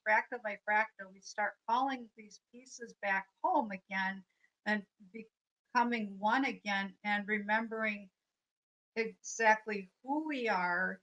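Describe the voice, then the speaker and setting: Middle-aged woman, bright voice, chatty spiritual live talk, lots of ums. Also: medium pitch, poor audio. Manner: earnest, reflective, with many fillers. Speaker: life coach and energy healer.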